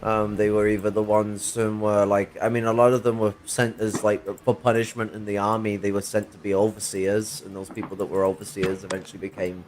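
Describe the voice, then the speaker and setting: A man's voice: fairly low pitch, level tone, brisk, hardly any pauses, a little hiss or hum. A man in casual political chat on a livestream, rambling and swearing with many fillers and restarts, through a worn-out USB mic. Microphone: failing USB mic.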